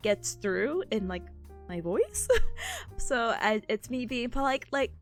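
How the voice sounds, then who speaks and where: Giggly, chatty woman with lively high voice. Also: slow pace, faint music behind. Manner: animated, jumps into high-pitched impressions. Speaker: livestream host. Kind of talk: casual study-stream chat. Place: at home, seated.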